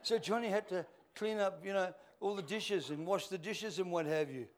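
Joking older preacher. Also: male voice, high-pitched, moderate pace. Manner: joking, rambling, laughing. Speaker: pastor. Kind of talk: sermon storytelling.

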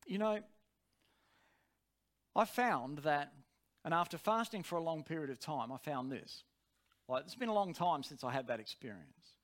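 A man's voice: fairly high pitch, lively intonation, normal speed, pauses often. A man preaching a sermon, telling a personal story in an earnest, direct way.

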